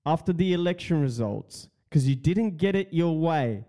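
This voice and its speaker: A man's voice: a little high, animated, moderate pace, mellow. A man hosting a casual solo podcast, talking in a profane, mocking way and often laughing. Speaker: podcast host.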